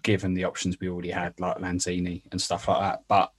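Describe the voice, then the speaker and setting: A man on a casual football podcast, hesitant and repeating himself as he gets going. His voice is very deep with a husky edge. He talks in an easy, unscripted way. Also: monotone, fast. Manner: hesitant, repeats words when starting. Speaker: podcast co-host.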